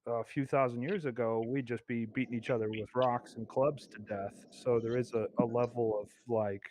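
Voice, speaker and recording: A man hosting a podcast in casual conversation. He muses in a measured, reflective way. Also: mid-range voice, steady tone, darkish tone, a little hiss or hum. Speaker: podcast host.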